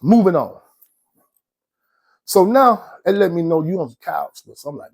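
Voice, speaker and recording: A man from Georgia with an Atlanta accent telling prison stories in a casual, slangy, animated way. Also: a little high, moderate pace, pauses often, no echo. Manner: animated, slangy, laughs often between lines. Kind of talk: casual storytelling.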